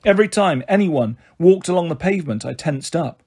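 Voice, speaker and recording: A man reading a children's novel aloud in a calm, steady storytelling voice. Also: fairly high pitch, a little fast, husky. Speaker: audiobook reader. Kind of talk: storybook narration.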